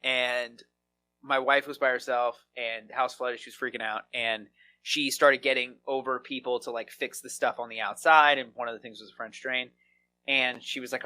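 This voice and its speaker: A man being interviewed on a podcast, telling comic stories in an animated, rambling way and laughing often. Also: medium pitch, moderate pace. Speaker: podcast guest, comedy writer. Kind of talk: casual conversation, comic storytelling.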